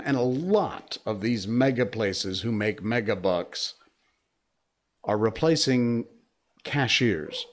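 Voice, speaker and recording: Slow, lively-voiced male livestream host. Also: fairly low pitch. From Cornwall, Connecticut, USA. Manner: enthusiastic, chatty, laughs easily. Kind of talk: casual livestream chat.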